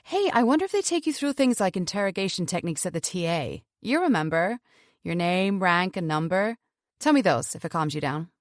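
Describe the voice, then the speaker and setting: A woman's voice: fairly low pitch, big pitch swings, a little fast, no echo, clean studio sound. A woman reading an audiobook, voicing a chatty, patronising woman captor who holds a gun and talks falsely soothing. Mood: coolly menacing.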